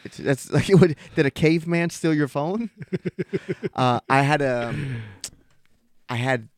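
A man's voice: fairly high pitch, unhurried, no room sound, clean studio sound. A man co-hosting a casual podcast, teasing his friend, swearing and laughing often. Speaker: podcast co-host. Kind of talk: casual chat. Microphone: studio mic, on camera.

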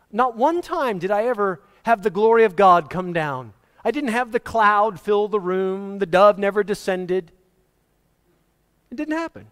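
Higher-voiced man preaching a story-filled sermon. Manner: animated storyteller, acting out quoted voices. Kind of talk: sermon with personal stories.

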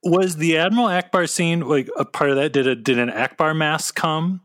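A man's voice: on the high side, moderate pace, a bit bright, no room sound, clean studio sound. A man hosting a casual interview, asking questions eagerly like a fan. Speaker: podcast host.

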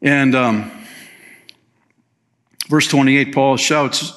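A man preaching a sermon as pastor, telling a story in a relaxed, conversational way with chatty asides. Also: mid-range voice, a little slow. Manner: slips into playful voices for quoted people.

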